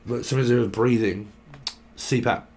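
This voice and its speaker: A man's voice: mid-range voice, steady tone, fairly quick, darkish tone. A man giving a rambling, casual tarot reading, swearing and jumping between word associations. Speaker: tarot reader.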